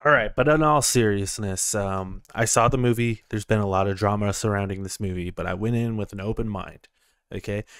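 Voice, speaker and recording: A man's voice: fairly low pitch, fairly quick, fairly bright tone, clear, resonant tone, dry recording, clean studio sound. A young man giving a casual review from inside his parked car, rambling, chuckling and repeating words as he goes. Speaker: movie reviewer.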